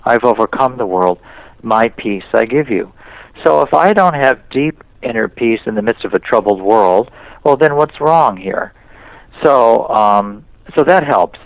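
A man's voice: medium pitch, lively intonation, unhurried, dry recording, muffled recording. A man, a priest, giving a spiritual talk in an interview and telling stories in which he quotes other people. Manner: storytelling, slips into quoted voices.

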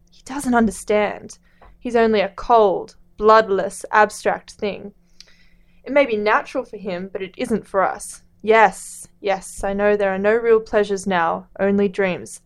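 Brief: a coaxing, wheedling lizard creature, read by a woman, a bit lower and quieter than her own voice. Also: natural voice. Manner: coaxing, soft and pleading.

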